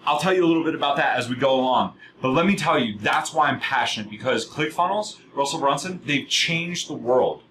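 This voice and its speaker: Middle-aged male presenter, fired-up sales pitch, lively swooping pitch, bright edge, faint room hum. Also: poor audio. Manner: fast, worked-up, asks the audience questions. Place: room with a live audience.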